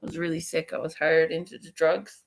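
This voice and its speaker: Woman vlogger, lower pitch, frank, profane, rambling storyteller. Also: monotone, a little fast, gravelly, very noisy. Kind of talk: casual storytelling vlog.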